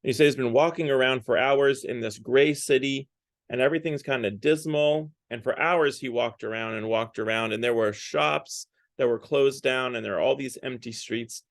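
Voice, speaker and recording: A man's voice: medium pitch, normal speed, no echo, clean studio sound. A man giving a casual Lent talk at a parish. He retells a story in a loose, conversational way, with plenty of fillers. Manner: conversational, loose, with many fillers and hedging words. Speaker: parish speaker.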